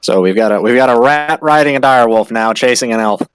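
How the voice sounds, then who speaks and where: A man's voice: mid-range voice, fast talker, clean tone, dry recording. A man chatting playfully as a player in a tabletop game, teasing the others. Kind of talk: casual tabletop game chat.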